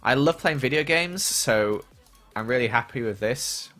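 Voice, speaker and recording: Lively young man streaming games. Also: mid-range voice, measured pace, soft background music. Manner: chatty, reads and answers viewer questions while playing. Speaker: livestreamer. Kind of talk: casual gaming livestream chat.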